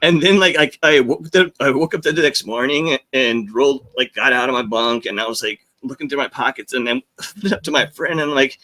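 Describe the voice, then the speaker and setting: A man with a bright, forceful voice tells stories in a loose, rambling way. He jumps into quoted lines and laughs as he goes, like a guest chatting on a podcast. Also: medium pitch, fairly quick. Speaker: podcast guest, former Navy journalist. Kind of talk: casual storytelling.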